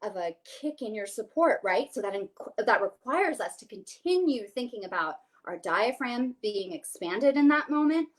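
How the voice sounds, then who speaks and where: A woman's voice: fairly high pitch, lively intonation, moderate pace, hardly any pauses. A woman, a soprano, giving a vocal coaching session over a video call. She explains each exercise and then sings it, with a light, joking touch.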